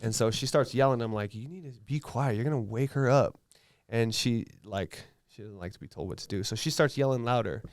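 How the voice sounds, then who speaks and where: Man, casual storyteller, blunt and laid-back, mid-pitched, dry close sound. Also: a little fast, dry recording. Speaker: tattoo artist guest.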